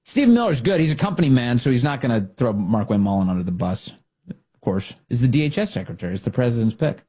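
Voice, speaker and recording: A man hosting a talk show, giving opinionated political commentary in an animated, sarcastic way. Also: medium pitch, fast, breathy edge. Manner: animated, sarcastic, mocking others in put-on voices.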